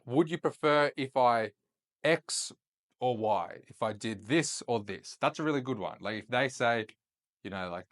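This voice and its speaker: A man's voice: medium pitch, expressive, moderate pace, fairly bright tone. A young man hosting a casual instructional video, talking loosely and often checking in with "right?" after each point. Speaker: host and chat-sales coach. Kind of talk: casual instructional talk to camera.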